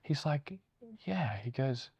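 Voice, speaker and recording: Lower-voiced man telling anecdotes. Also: moderate pace. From Australia. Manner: animated anecdotes, swears, mimics voices. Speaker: startup founder, interviewee. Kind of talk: casual storytelling conversation.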